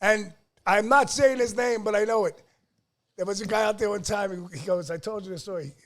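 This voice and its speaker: A middle-aged man, a pizzeria owner telling a rowdy family story, loud and profane, shouting out the quotes. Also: high-pitched, fairly quick. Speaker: pizzeria owner, podcast guest. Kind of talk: casual storytelling.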